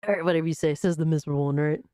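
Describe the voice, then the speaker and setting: A woman's voice: low-pitched, fairly even intonation, racing, dark tone, clean tone, no room sound, clean studio sound. A woman hosting a gaming stream, mocking a video in casual, profane reaction commentary. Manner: mocking, profane, laughs at the clip.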